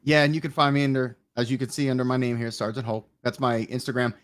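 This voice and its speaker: A man's voice: mid-range voice, level tone, quick pace. A man co-hosting a casual fan podcast, reacting with short comments and laughs. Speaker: podcast co-host. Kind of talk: casual chat.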